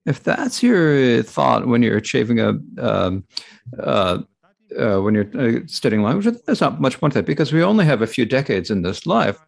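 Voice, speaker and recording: A man with a gravelly edge carries a Buddhist Dharma talk into English in a halting way, breaking off and restarting often. His pitch rises and falls widely, and filler sounds keep filling the gaps. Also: sing-song.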